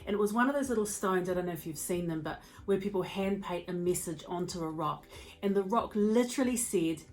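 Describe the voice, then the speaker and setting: A woman giving a motivational talk as a mental health speaker and educator, telling stories in an expressive, conversational way. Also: fairly low pitch, fairly quick.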